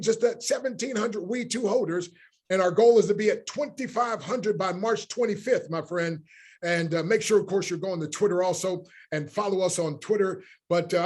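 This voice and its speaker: Husky high-voiced enthusiastic male host. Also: darkish tone. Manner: enthusiastic, effusive greeting of many names. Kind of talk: livestream welcome and introduction.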